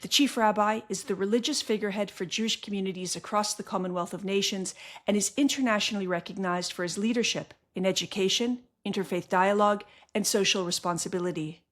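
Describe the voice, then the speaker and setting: A woman's voice: medium pitch, steady tone, fast talker. A woman hosting an interview podcast who reads a scripted intro and asks earnest, enthusiastic questions. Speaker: podcast host.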